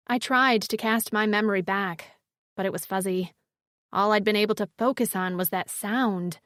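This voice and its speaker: A woman reads a first-person fantasy romance audiobook with an expressive storytelling delivery. Her voice sits at a middling pitch, and the recording is dry and close to the mic. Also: moderate pace, no echo. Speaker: audiobook narrator. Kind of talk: first-person fiction narration.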